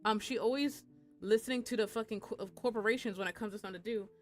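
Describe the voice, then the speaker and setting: A young woman streamer chats through a workplace story in a loose, profane way. She talks at an ordinary middle pitch, breaks into squeaky high voices for quoted lines, and her voice comes over a desk mic. Faint music plays underneath. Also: fast. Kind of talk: casual storytime chat.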